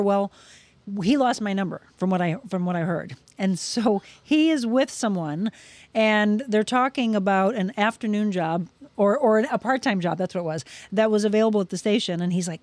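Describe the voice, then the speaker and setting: A woman's voice: medium pitch, moderate pace, no echo. A middle-aged woman from Missouri, a broadcaster, telling her career story in a casual interview and acting out the people in it. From Missouri, USA. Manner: animated, acts out voices in her stories. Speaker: guest, broadcaster.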